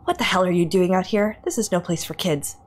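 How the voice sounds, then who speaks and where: Gruff security chief barking orders, as a woman streamer reads him. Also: fairly low pitch, brisk, close to an everyday voice. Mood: angry. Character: angry male security chief yelling.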